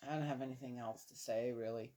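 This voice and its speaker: A woman's voice: extremely low pitch, steady tone, fast talker, dark tone. A woman in her fifties, a little tired, chatting casually in a morning vlog, rambling and chuckling often. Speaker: vlogger.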